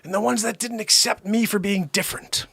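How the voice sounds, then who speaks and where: A man hosting a casual livestream, chatting excitably, laughing often and calling out to viewers. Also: sits high, brisk, vocal fry, slightly rough, no room sound. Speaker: livestream host. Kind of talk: casual livestream chat with music.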